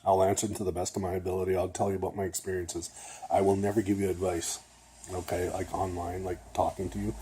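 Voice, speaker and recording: A man's voice: deep voice, little pitch movement, fast, mellow, a little hiss or hum. An older man, a retired nurse, talking casually to camera in a rambling way, a little nasal and often checking in with "okay?". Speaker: vlogger.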